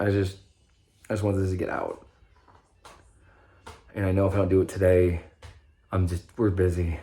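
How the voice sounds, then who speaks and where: A man's voice: deep voice, warm tone. A young man talking in a casual, rambling monologue about his own recovery, swearing freely and often breaking off mid-sentence. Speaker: vlogger sharing his recovery story.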